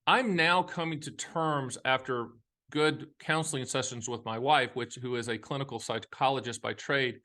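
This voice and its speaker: Man, 50s, slight Southern accent, bright forceful tone, folksy, emphatic, joking asides, casual monologue. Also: medium pitch, moderate pace. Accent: Southern US at times. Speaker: annuity advisor and show host.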